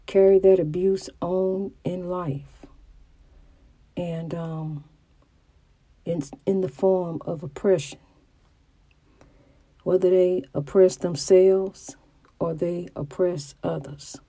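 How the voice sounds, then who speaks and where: A woman's voice: fairly low pitch, steady tone, slow, long pauses, mellow, no room sound. A middle-aged woman with a country way of talking and a slight stutter, giving a preachy religious testimony and often restarting her words. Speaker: mother.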